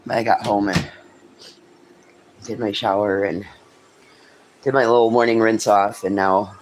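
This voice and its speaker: A man's voice: lowish voice, fairly even intonation, unhurried, a little hiss or hum. A man hosting a casual livestream, chatting with viewers in a rambling, chatty way and swearing freely. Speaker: livestream host.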